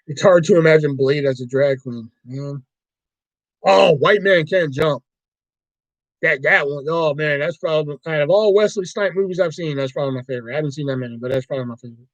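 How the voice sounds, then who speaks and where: Man, casual livestream host, profane, rambling, slightly high voice, dry close sound. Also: normal speed, pauses often, dry recording, poor audio. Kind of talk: casual chat about movies.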